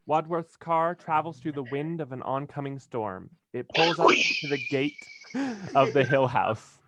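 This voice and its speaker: Over crowd noise, a man reads stage directions aloud plainly and simply, now and then stumbling on a word and laughing. His voice is medium-pitched and his pace measured.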